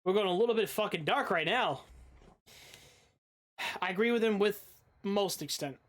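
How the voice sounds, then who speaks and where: A man's voice: high-pitched, normal speed. A man hosting a live stream, chatting casually and rambling with fillers and swearing. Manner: laid-back, rambling, profane. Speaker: streamer host.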